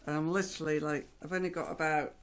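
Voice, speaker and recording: A woman's voice: sits low, steady tone, fast talker. A woman, chatting in a down-to-earth, casual way. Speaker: vlogger's wife. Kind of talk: casual chat.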